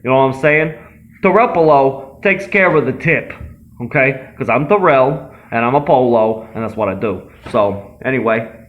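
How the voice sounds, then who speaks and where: A man's voice: mid-range voice, normal speed, phone-quality sound, voice pushed up, natural voice. A man doing a cocky, swaggering tough guy. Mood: boastful. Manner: cocky, rambling, swearing, self-aggrandizing. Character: brash boastful swaggering young tough guy. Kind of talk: comedy sketch character.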